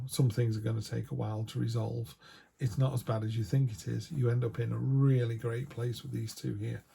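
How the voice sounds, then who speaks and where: A man's voice: medium pitch, creaky, mellow, breathy edge. A man giving a casual tarot reading, chatty and full of restarts. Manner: chatty, quotes imagined voices, frequent restarts. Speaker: tarot reader.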